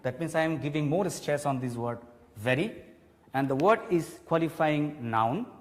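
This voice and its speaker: A man teaching a televised grammar class, explaining slowly and repeating key points. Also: a little high. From Bangladesh. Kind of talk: televised classroom English lesson. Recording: long hall reverb.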